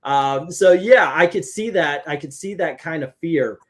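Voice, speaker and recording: Animated, chatty man hosting a comic review. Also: fairly high pitch, a little slow. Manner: animated, chatty, laughs easily. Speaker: comic book show host. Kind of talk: casual chat reviewing a comic.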